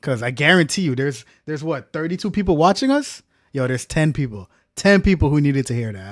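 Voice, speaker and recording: Brief: male co-streamer, mid-pitched, laid-back slang, dead-dry close mic. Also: expressive, a little fast, dry recording. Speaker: live streamer, co-host. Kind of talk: casual stream chat.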